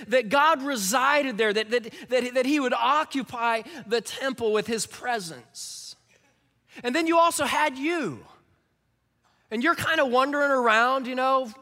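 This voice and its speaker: High-voiced male pastor preaching. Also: bright, forceful tone. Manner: conversational, joking asides, repeats words. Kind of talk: sermon. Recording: long reverb in large hall.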